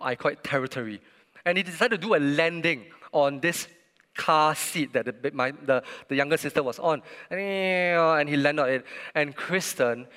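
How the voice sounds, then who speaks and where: A man with a fairly high, bright, forceful voice preaches a sermon in an earnest, storytelling way. He leans on emphatic pauses, and his words ring out with the long reverb of a large church hall.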